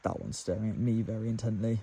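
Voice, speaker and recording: A man's voice: on the low side, fast talker, creaky, dark tone, a little hiss or hum. A young man vlogging casually outdoors on a moor while camping, laid-back, jokey and full of swearing. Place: outdoors on open moorland, camping.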